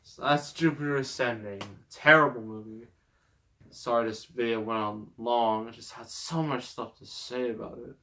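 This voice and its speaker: A man's voice: mid-range voice, fairly even intonation, moderate pace, sharp tone. A man hosting a casual movie review rant, exasperated and rambling, often breaking into laughter. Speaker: movie reviewer, host of the show.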